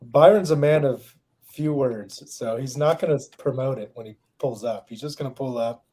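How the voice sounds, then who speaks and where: Mellow laid-back man chatting. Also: medium pitch, moderate pace, breathy edge. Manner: laid-back, laughs often, asks guests questions. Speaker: podcast co-host. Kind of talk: casual chat.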